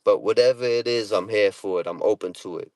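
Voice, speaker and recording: A man's voice: on the low side, brisk, a little mellow, no echo. A middle-aged man, chatting casually with viewers on a livestream in streetwise, profane slang, often repeating himself. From Boston area. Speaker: livestream host.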